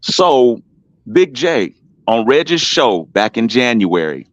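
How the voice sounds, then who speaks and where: A man's voice: mid-range voice, sing-song, slow, dry recording. A man in a heated casual talk on an online panel, emphatic and repetitive, calling listeners by name. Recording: dull dry stream audio.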